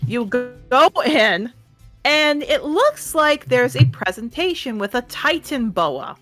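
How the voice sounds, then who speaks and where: A woman narrating a tabletop game as game master, animated and often laughing. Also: high voice, slow pace. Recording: faint background music.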